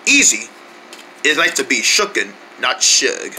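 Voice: mid-range voice, sing-song, unhurried, pushed and bright, slight background noise, voice pushed down, heavily acted, poor audio. A performer voicing an eager, servile male butler with a put-on British accent, formal and polite in a homemade comedy skit. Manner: formal, servile, calls everyone sir and ma'am.

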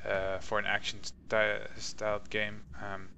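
Young male co-host, bright forceful tone, offhand and rambling, faint noise behind. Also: on the low side, monotone, unhurried, poor audio. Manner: offhand, musing, trails off. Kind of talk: casual game review chat.

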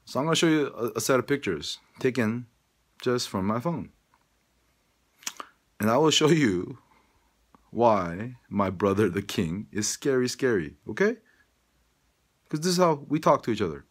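A man's voice: medium pitch, sing-song, unhurried, pauses often, slightly rough. A man talking straight to his audience in a rambling, profane, emphatic monologue. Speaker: vlogger.

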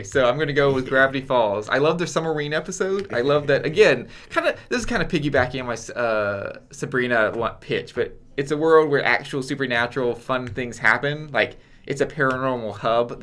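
A man co-hosting a relaxed podcast in a mid-range voice. He is wry in tone. He slips into mock voices when he quotes lines. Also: medium pitch. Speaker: podcast co-host. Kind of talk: casual chat.

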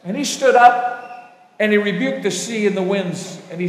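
A man preaches in a high voice, telling stories with swings between loud emphasis and hushed, quiet asides. His words ring out in a large hall with a long, echoing reverb. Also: moderate pace. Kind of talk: sermon.

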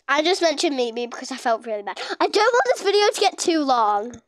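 A woman giving casual, excitable gameplay commentary as a gaming YouTuber, gushing with exclamations. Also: high-pitched, brisk, few pauses, no echo, studio quality.

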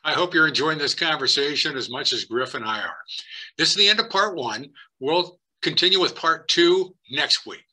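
A male interview host gives a measured, earnest scripted sign-off. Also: a little high, expressive, bright, forceful tone.

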